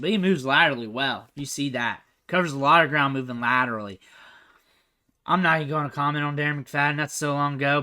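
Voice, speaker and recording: Talking over football highlight film, this young man, a recruiting analyst host, keeps it casual and chatty. He's thinking out loud, and his voice fades quietly as each sentence ends.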